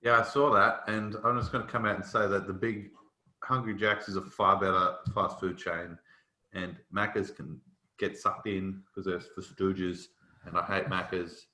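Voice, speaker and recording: A man's voice: deep voice, flat delivery, normal speed, pushed and bright, reverberant. A man with an Australian accent, co-hosting a podcast in casual, blunt and opinionated banter. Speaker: podcast co-host. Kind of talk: casual chat.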